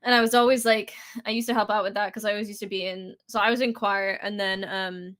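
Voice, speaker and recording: A woman's voice: medium pitch, level tone, fast talker, fairly bright tone. A young woman, a singer, guesting on a stream and chatting casually with a rambling flow. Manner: rambling with many fillers and restarts. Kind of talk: casual chat.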